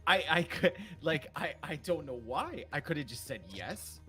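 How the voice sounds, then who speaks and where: A man's voice: fairly high pitch, lively intonation, moderate pace, sharp tone, faint music behind. A man co-casting a game stream, rambling through self-deprecating anecdotes while filling time. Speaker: esports caster. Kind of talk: casual stream chat.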